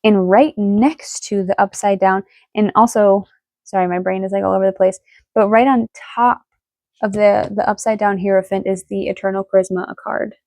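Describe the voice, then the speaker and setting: A woman giving a casual tarot reading, excitable and emotional, swearing freely as she talks. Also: mid-range voice, moderate pace, no echo. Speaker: tarot reader.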